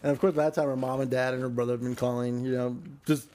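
A man's voice: medium pitch, level tone, fast, warm tone. A man talking as a podcast guest, telling a long story in a rambling, profane way with lots of fillers. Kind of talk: casual podcast chat.

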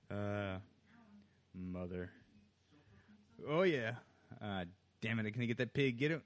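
A man's voice: lowish voice, lively intonation, slow. A man co-hosting a casual podcast from home, joking around, swearing freely and laughing often. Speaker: podcast co-host. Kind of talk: casual chat. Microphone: table microphone.

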